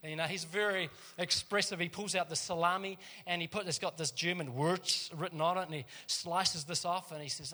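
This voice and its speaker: A man's voice: a little high, steady tone, a little fast, few pauses, sharp tone. A man, a pastor giving a casual, chatty sermon in a church and laughing often as he tells stories.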